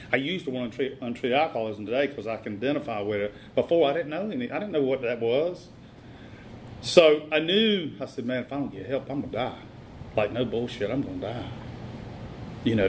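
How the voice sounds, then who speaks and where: A middle-aged man giving a blunt, plain-spoken personal testimony at a recovery meeting, halting often with fillers. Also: mid-range voice, a little hiss or hum.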